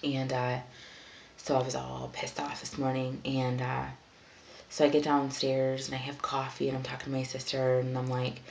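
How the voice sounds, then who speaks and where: A young woman rambles through a frustrated vlog rant, full of fillers and restarts. Her voice sits very low with a gravelly fry. A faint hiss of noise runs underneath. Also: completely flat delivery, normal speed, darkish tone. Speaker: vlogger. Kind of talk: casual vlog venting.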